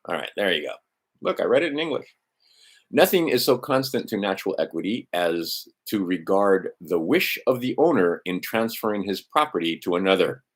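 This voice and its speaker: A middle-aged man hosting a legal maxims stream talks casually while scrolling a document on screen, rambling with sardonic, profane asides. His voice is low, expressive and a bit bright, at a moderate pace.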